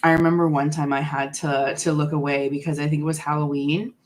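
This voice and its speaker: A woman's voice: low-pitched, level tone, fairly quick. A woman in her forties hosting a live stream, chatting candidly and answering viewers' questions while snacking on candy. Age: 40s.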